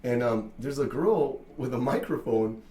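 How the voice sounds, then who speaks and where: A man who owns a barbershop telling a story in casual chat, animated, full of fillers and swearing. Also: medium pitch, unhurried, reverberant. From Mexican-American from Southern California. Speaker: barbershop owner.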